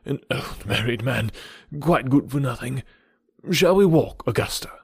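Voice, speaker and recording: A man playing a sneering married gentleman. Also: mid-range voice, expressive, unhurried, breathy edge, no echo, studio quality, full character voice.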